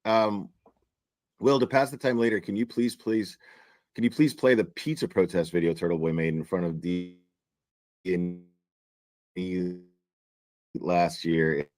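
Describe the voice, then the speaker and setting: A man ranting in a casual commentary, animated and incredulous, swearing often and laughing as he talks. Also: sits low, measured pace, long pauses. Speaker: online commentator.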